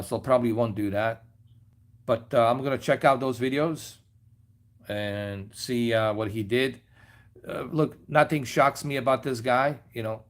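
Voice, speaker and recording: Guy rambling on a home livestream, mid voice, lots of ums and trailing off. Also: medium pitch. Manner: rambling, loose, with many fillers and trailing asides. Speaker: livestream host. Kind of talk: casual livestream chat. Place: lounge at home.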